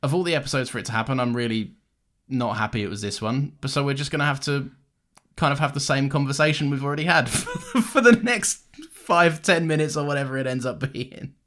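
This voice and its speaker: A man's voice: medium pitch, brisk, fairly bright tone. A man co-hosting a podcast, chatting casually and animatedly, swearing and laughing a lot. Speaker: podcast co-host. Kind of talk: casual chat.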